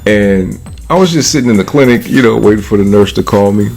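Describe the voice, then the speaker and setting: A man's voice: fairly low pitch, fairly quick, a little mellow, soft background music. A man from California talking casually into the camera, slangy and profane, laughing often and asking "you know what I'm saying?". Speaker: vlogger. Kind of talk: casual commentary monologue.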